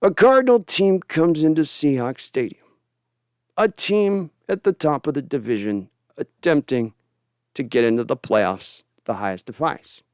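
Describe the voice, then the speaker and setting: A man's voice: on the high side, animated, clean tone, no echo, studio quality. A man doing a clipped, ominous TV narrator. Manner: slow, clipped, stiff-lipped, ominous. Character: solemn male anthology-series TV narrator, clipped and ominous.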